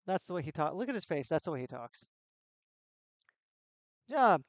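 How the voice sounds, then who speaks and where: A woman's voice: low-pitched, very animated, moderate pace, pauses often, dry recording. A woman live-streaming a game, chatting with jokes and self-deprecating asides into a close desk mic. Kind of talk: casual gameplay live stream.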